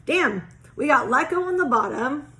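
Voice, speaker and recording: A woman's voice: sits high, expressive, normal speed, sharp tone. A woman giving a casual oracle card reading, chatty and rambling, full of "like" fillers and casual swearing. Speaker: psychic oracle card reader.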